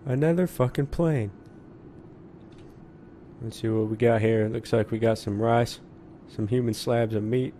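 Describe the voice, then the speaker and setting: A man's voice: medium pitch, a little slow, pauses often, mellow. Crude joking man over noisy game sound. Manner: joking, crude, swears a lot. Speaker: gameplay commentator. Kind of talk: casual let's play commentary.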